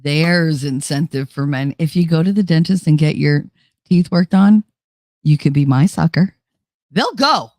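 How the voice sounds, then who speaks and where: A woman hosting a casual livestream, talking straight to her chat in a blunt, outspoken way. Her voice sits a bit low for a woman, and she curses freely. The sound is close and dry, with no room echo at all. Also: animated, measured pace, a little mellow. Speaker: livestream host reading chat.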